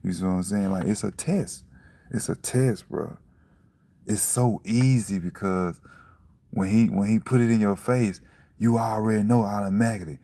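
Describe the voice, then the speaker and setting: A man giving a casual, profane motivational talk about staying calm, repeating himself to press his point. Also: fairly low pitch, moderate pace, creaky, no room sound. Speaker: vlogger.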